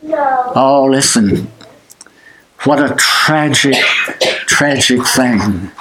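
A man preaching a sermon, shouting out some lines and dropping low on others, repeating himself while he looks up scripture. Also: wildly swooping pitch, extremely slow, background noise. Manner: emphatic, swings between shouting and hushed tones; repeats words, fumbles while looking up scripture.

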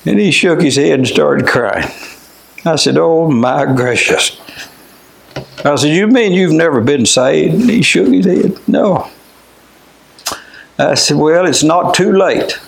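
Older preacher in an echoey room. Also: male voice, on the high side, animated, a little slow, creaky, slight background noise. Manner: plainspoken, homey, quotes scripture in old wording. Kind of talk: folksy sermon with storytelling.

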